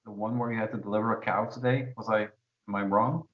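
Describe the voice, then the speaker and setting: A man's voice: lowish voice, fairly even intonation, fast, reverberant, lo-fi sound. A man co-hosting a podcast, easygoing and teasing, on a headset mic over an online call. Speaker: podcast co-host. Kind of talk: casual chat over a call. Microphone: headset microphone.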